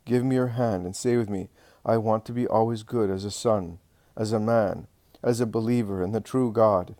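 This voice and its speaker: A man reading the lines of a gentle, solemn male healer who speaks softly and tenderly. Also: lowish voice, fairly even intonation, moderate pace, no room sound, natural voice. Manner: soft and tender, then commanding.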